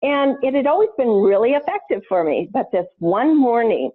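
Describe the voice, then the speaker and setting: A woman guest on a podcast talks in a lively storytelling way, laughing often and swinging her voice up and down. Her voice sits somewhat high. It comes through a thin, tinny phone-like line. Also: normal speed, breathy edge. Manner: animated, laughs often, expressive pitch swings. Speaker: podcast guest, intuition teacher. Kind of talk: conversational storytelling.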